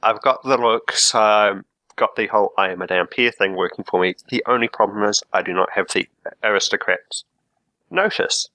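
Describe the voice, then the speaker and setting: A man's voice: lowish voice, normal speed, bright, forceful tone, dry recording, poor audio. A man playing a blunt half-vampire ex-labourer. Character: bitter young male half-vampire, formerly a dock labourer.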